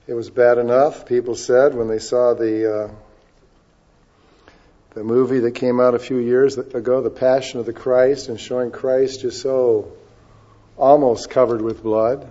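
A male preacher giving a sermon, moving between loud emphasis and quiet asides and stretching key words out slowly. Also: mid-range voice, level tone. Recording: dull lo-fi recording.

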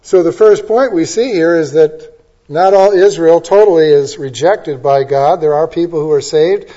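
A male preacher delivers a sermon with animated, emphatic storytelling. His voice sits fairly high, and the recording sounds dull and lo-fi. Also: moderate pace.

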